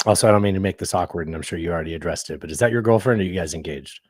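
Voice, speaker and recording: A man's voice: sits low, racing, breathy edge, no echo, studio quality. A man co-hosting a comedy podcast, rambling and swearing in casual chat. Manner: rambling, profane, jokey. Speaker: podcast co-host.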